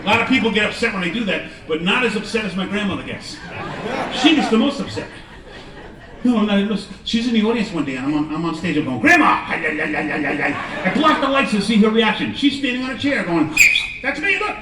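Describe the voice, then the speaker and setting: A man doing stand-up on a live stage, telling rambling, self-deprecating stories in a slightly high voice. He sounds a bit far from the mic in an echoey room. A laughing crowd can be heard behind him. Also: expressive, quick pace, very noisy. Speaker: stand-up comedian. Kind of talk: stand-up comedy set. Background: audience laughter.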